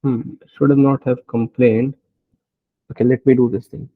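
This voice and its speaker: A man's voice: mid-range voice, little pitch movement, moderate pace, no echo, phone-quality sound. A man teaching programming as he codes live, thinking aloud and often checking in with "right?". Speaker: programming instructor. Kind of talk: live coding tutorial.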